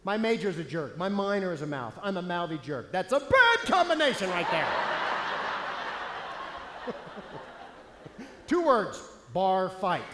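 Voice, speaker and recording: A man giving a comedic stage seminar as a speaker, animated, punchy and playful. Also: high voice, measured pace, pauses often, noisy background. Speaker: motivational speaker. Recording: echoey hall, faint ambience.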